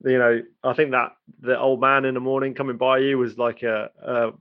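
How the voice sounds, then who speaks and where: A man's voice: medium pitch, level tone, normal speed, phone-quality sound. A man hosting a podcast, reflecting appreciatively on his guest's story and laughing along. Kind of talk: casual interview chat.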